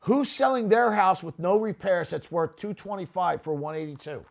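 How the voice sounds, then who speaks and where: A man's voice: high voice, normal speed, creaky. A middle-aged man hosting a real estate podcast, giving blunt, profane, unscripted commentary and often tagging his points with "okay?". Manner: grows louder and more heated, shouting at times.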